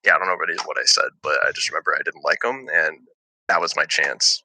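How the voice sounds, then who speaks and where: A man's voice: a bass voice, fast, pushed and bright, a little hiss or hum, poor audio. A young man telling a heated story to friends in casual chat, swearing freely and laughing often.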